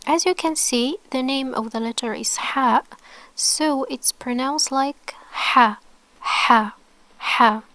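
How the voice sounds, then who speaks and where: Slow, patient woman teaching letters. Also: sits high. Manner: patient, explains slowly with many checks of okay; often drops into a soft whisper to model sounds. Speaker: Arabic teacher. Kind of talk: online language lesson.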